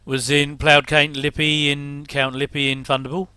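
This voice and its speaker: A man's voice: a little high, little pitch movement, a little slow, pushed and bright, smooth, dry recording. A middle-aged English man rambling casually through a reaction commentary, with chatty, self-deprecating asides. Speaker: host.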